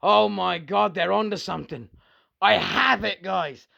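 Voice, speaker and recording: A man's voice: high-pitched, slow, creaky, pushed and bright, lo-fi sound. A British man delivering an angry, sarcastic, profanity-filled rant to his viewers. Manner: sweary, sarcastic, heated. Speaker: vlogger.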